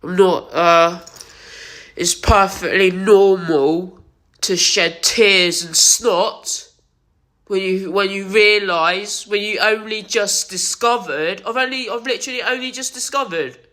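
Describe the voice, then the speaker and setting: Tearful, slow-talking vlogger. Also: mid-range voice, a bit bright. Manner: halting, repetitive, many restarts and self-corrections. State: crying, sniffling. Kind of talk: emotional confessional vlog. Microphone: wired headset or earphone mic.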